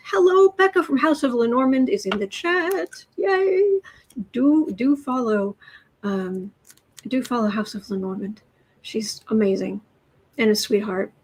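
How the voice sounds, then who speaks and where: A chatty woman hosts a tarot livestream with a slightly high voice. She rambles casually, reads out viewer names and thanks them between stories. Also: low-quality recording. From United States.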